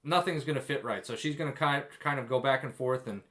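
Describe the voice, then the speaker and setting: A young man talks straight to the camera in a casual advice vlog for new fathers. His voice sits at a middle pitch and he leans hard on his warnings, mixing jokes with stories at his own expense. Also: a little fast, bright, forceful tone. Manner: emphatic, jokey and self-deprecating. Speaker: vlogger giving advice to expecting dads.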